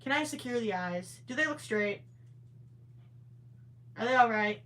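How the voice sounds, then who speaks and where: A woman hosting a crochet live stream sounds a little high, a bit bright and animated, keeping a measured pace. She talks casually, thinking aloud with stammering restarts, and her voice cracks after hours of talking.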